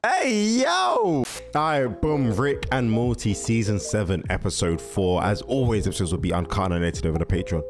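A man hosting a reaction video, giving excitable, casual commentary. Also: low voice, fairly quick, hardly any pauses, faint music behind. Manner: excitable, laughing.

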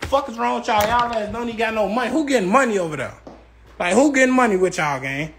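On a livestream, a young male rapper launches into an angry, profane rant at a rival, repeatedly using street tags like "gang" and "on tape." His voice is high, expressive, fast and a bit bright, echoing around the room.

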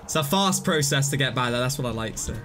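Over loud music, a young man streams live gameplay in a mid-range voice at a quick pace. He rambles, pokes fun at his own errors, and now and then erupts with excitement.

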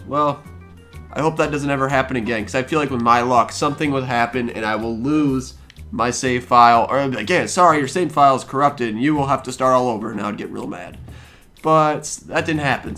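A young man with a bright, forceful mid-range voice hosts a let's play, narrating the game as he goes. He talks to the on-screen characters and fires off quick exclamations. Soft music plays in the background.

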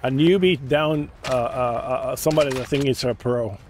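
A man's voice: medium pitch, normal speed. A man joking and teasing in casual voice chat while gaming. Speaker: teammate in voice chat.

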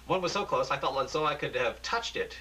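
A nervous male field reporter in a homemade radio play, voiced by a man, stammering and hesitant. His voice is bright and sharp. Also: mid-range voice, animated, fairly quick, slight background noise, rough recording.

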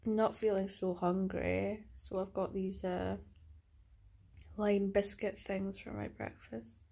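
A young British travel vlogger chats casually, rambling and mocking herself with plenty of filler words. Her medium-pitched voice is slow, level and dark-toned, with vocal fry.

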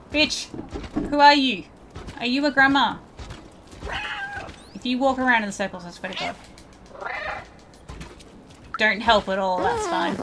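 A woman's voice: fairly high pitch, background noise. A woman giving casual let's play commentary, chatting to viewers and swearing at game characters.

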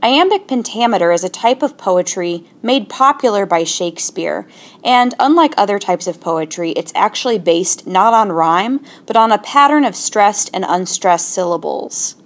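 A woman teaching a lesson in a clear, patient way, slowing down to sound out syllables. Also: medium pitch, animated. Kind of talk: explaining a lesson.

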